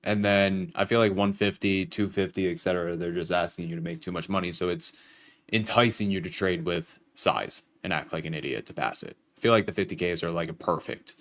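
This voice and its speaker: A man's voice: low voice, fairly quick, a bit bright. A young man hosting a live trading stream, casually talking chat through his trades with some profanity. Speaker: livestream trading host.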